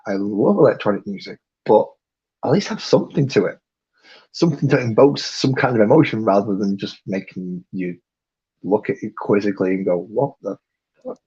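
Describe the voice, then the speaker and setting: A man's voice: fairly low pitch, fairly quick, a little mellow, husky. A man in his forties with a British accent, chatting bluntly and grumbling while painting on a stream. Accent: British English. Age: 40s. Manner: blunt, swears freely, grumbling. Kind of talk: casual chat. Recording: muffled lo-fi audio.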